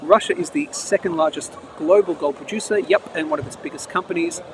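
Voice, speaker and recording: A chatty man hosts a live market show, reading the news aloud and breaking off for quick comments. His voice sits a little high, and clear street and traffic noise runs under the outdoor recording. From Australia. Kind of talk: casual live-stream chat and news reading. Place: outdoors near traffic, between trains. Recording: noisy outdoor live stream.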